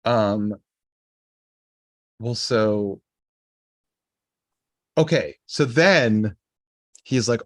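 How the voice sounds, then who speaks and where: A man's voice: on the low side, drawn-out words, pauses often, no room sound. A man co-hosting a podcast, casually retelling a TV episode in a loose, rambling way full of "like". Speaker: podcast co-host. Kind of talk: casual episode recap chat.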